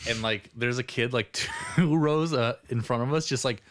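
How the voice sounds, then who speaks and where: A man's voice: medium pitch, lively intonation, fairly quick, few pauses, a bit bright. A young man on a casual podcast, rambling through a story, laughing often and acting out the people in it. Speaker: podcast co-host.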